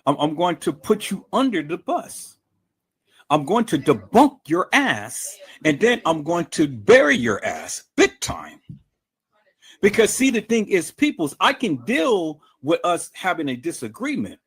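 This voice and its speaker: A man's voice: sits high, very animated, measured pace, slightly rough. A man hosting his own livestream, delivering an angry, profane, combative rant full of stammering restarts. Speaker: livestream host. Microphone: streaming mic.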